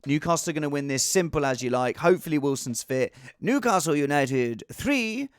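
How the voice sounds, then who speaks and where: A man hosting a fantasy football podcast on his own, predicting scores in an excitable, jokey way with sudden high exclamations. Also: normal speed, dry recording, studio quality. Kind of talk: casual solo score predictions.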